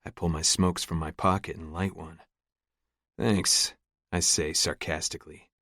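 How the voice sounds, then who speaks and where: A man narrating a first-person audiobook in a sardonic, deadpan way, close to the mic. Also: deep voice, normal speed, no echo.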